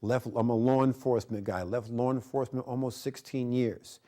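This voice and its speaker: A middle-aged man hosting a TV show as a karate instructor, energetic and preachy, repeating his points and shouting martial arts cries. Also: mid-range voice, a little fast. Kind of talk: martial arts lesson with motivational talk. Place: TV studio.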